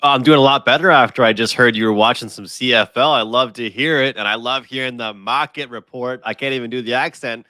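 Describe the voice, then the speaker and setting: Betting expert guy, bright punchy voice, dry close mic, chatty storyteller. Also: mid-range voice, a little fast, hardly any pauses, no echo. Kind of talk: casual sports betting chat.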